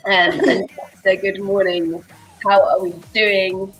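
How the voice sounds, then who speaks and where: A woman's voice: mid-range voice, level tone, takes it slowly, a bit bright, faint music behind, poor audio. A woman with an English accent, leading a live workout class in a bubbly, rambling way and laughing often. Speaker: fitness instructor.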